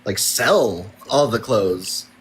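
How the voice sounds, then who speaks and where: A woman's voice: extremely low pitch, animated, slow, slightly rough, rough recording. A woman in casual chat, asking follow-up questions and reacting with short interjections.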